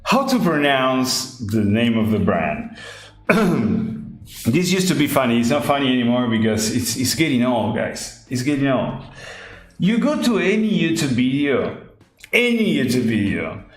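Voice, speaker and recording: A man's voice: mid-range voice, very animated, unhurried. A man hosting a podcast in casual chat, ranting emphatically and repeating his points, speaking English as his second language. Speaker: podcast host. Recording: echoey room with faint music.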